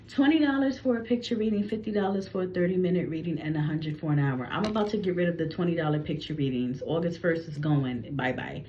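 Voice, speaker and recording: A woman's voice: deep voice, a little mellow, muffled recording, a little hiss or hum. A woman psychic telling a channeled reading story in a rambling, casual way, often restarting her sentences. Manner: rambling, frequent restarts and self-corrections. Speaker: psychic reader.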